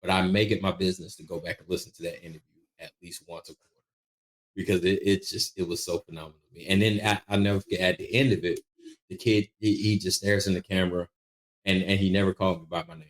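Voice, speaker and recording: A man with a very deep, low-pitched voice tells stories as a guest on an interview podcast. His delivery is animated and lively, with frequent restarts in his sentences. He sounds middle-aged, and he talks casually like a veteran producer. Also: fast.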